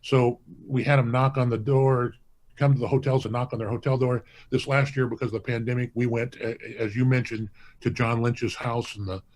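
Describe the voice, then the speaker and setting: In a casual interview, a hall of fame museum president shares stories in an earnest, rambling manner, repeatedly restarting phrases. His medium-pitched voice is steady in tone, a little fast and a little mellow.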